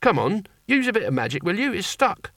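A man reading aloud voices a gangly young would-be barbarian hero, earnest and naive, chattering eagerly. His voice sits noticeably higher than the reader's own and rises and falls a lot. The storybook recording is dry and close. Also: very animated, brisk, a bit bright, no room sound, exaggerated voice.

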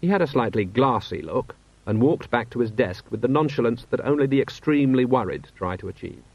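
Expressive male audiobook narrator. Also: mid-range voice, a little fast, creaky, breathy edge, no room sound. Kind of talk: scripted narration. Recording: dull, slightly lo-fi, dry.

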